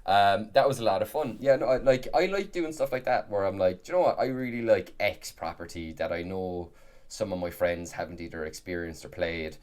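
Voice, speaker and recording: A man's voice: sits low, normal speed. A man co-hosting a tabletop gaming podcast, talking casually and rambling, often restarting his sentences. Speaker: podcast co-host and game master. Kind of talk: casual chat.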